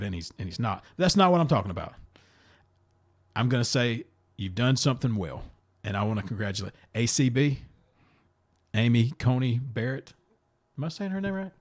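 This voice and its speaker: Speaking briskly in a mid-range voice, this male podcast host jumps from topic to topic in a casual ramble. He's blunt and animated, frequently restarting and repeating himself.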